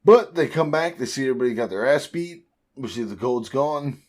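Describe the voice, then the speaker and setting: A man's voice: medium pitch, expressive, brisk, darkish tone. A man co-hosting a podcast, retelling a story with lots of swearing and acted-out quotes. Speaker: podcast co-host. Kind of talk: casual chat.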